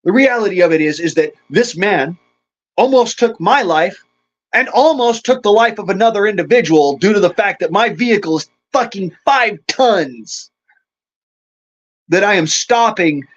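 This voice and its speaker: A middle-aged livestream host rants angrily and profanely, shaken and agitated, between greetings to his chat. His voice is high-pitched and animated at normal speed, over dull lo-fi stream audio.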